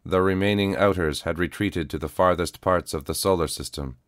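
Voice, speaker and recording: A man voicing an old, weary male cyborg super soldier in an audio story, with flat, formal, measured speech. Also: low voice, no room sound, studio quality. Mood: grim. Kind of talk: audiobook character voice.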